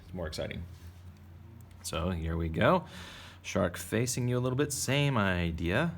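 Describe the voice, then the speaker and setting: A man's voice: sits low, expressive, measured pace, slight background noise. A man casually teaching kids to draw, playful and chatty as he narrates each step. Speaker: art teacher. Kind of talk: casual drawing tutorial for kids.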